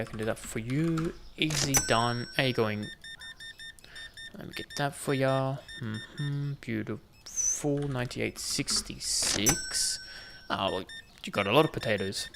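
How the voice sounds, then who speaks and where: A man's voice: medium pitch, slow, creaky, noisy background. A young man giving casual gameplay commentary and chatting and joking with the customers in the game. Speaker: gaming video host.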